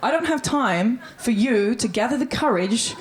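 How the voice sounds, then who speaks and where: A young Australian woman performing stand-up comedy on a live stage, with a brash, animated delivery and plenty of swearing. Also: fairly high pitch, normal speed, low-quality recording.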